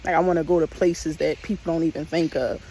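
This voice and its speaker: A man vlogs casually outdoors on a park trail, speaking fairly quickly with a fairly high pitch. His talk is relaxed and meandering, full of repetition and the word "like," and the hills leave him a bit out of breath. The low-quality recording has a slight hiss or hum.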